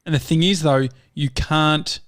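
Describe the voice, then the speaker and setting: A man's voice: fairly high pitch, fairly even intonation, measured pace, fairly bright tone, no echo, clean studio sound. An Australian man co-hosting a podcast, telling rambling stories in casual chat with plenty of fillers. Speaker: podcast co-host.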